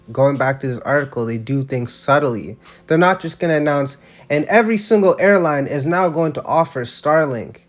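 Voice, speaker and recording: A man giving casual religious commentary, emphatic and slangy, often restarting his sentences. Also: medium pitch.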